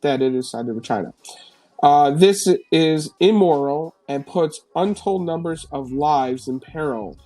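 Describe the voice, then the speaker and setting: A man's voice: a little high, expressive, unhurried, mellow, soft background music. Sarcastic, profane man reading the news. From New York. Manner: sarcastic, profane, laughs often while reading headlines. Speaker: live-stream host. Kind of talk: casual live-stream news commentary. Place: home.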